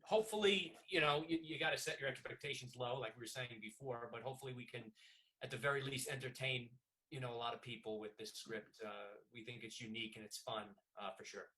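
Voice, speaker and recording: Bright-voiced man chatting on a video call. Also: mid-range voice, fairly even intonation, fast, rough recording. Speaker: filmmaker guest. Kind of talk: casual video call chat.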